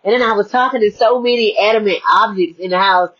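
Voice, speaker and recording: A woman giving a lively spiritual motivational talk, swinging between hushed, reflective stretches and bright exclamations. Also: medium pitch, quick pace. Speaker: inspirational speaker. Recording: muffled lo-fi audio.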